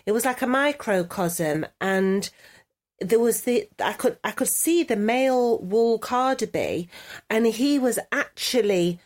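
A woman's voice: on the high side, expressive, measured pace, a little mellow. Chatty woman podcast co-host. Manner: chatty, rambling, laughs easily. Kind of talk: casual chat.

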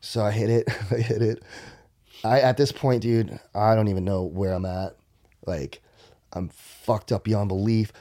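A man telling a long profane story in casual podcast talk, animated, dropping to whispers and jumping high to quote people. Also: a little slow. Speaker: podcast guest.

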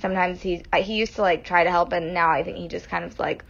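A woman's voice: lowish voice, fairly even intonation, fast, vocal fry, fairly bright tone. A young woman chatting casually and expressively, laughing easily. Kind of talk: casual chat. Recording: dull lo-fi sound.

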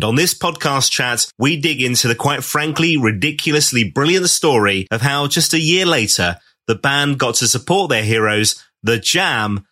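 Bright-voiced male podcast host. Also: mid-range voice. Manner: enthusiastic, jokey. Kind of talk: podcast intro and interview.

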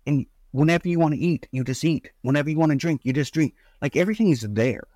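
Animated storytelling father, dry close sound. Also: quick pace, no room sound. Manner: animated, acts out quotes with pitch jumps. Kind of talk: casual storytelling.

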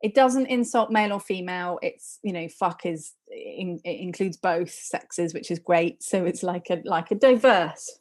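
A woman's voice: fairly low pitch, moderate pace, hardly any pauses. A woman co-hosting a casual chat podcast, telling stories with lots of animation and laughter. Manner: animated storytelling, laughs often. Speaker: podcast co-host.

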